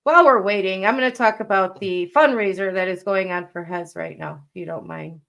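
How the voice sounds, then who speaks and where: A woman's voice: mid-range voice, brisk, creaky, a bit bright, lo-fi sound. Woman co-host of a live stream, casual and earnest, mid-range voice. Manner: chatty, earnest appeal.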